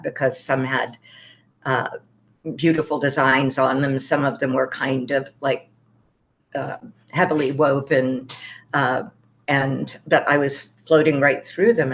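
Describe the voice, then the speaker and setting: Her voice rumbles low with a steady tone, and she speaks a little slowly. She's an older woman and a guest describing her near-death experience, rambling and casual with lots of fillers and wry humor, on a slightly dull, muffled recording.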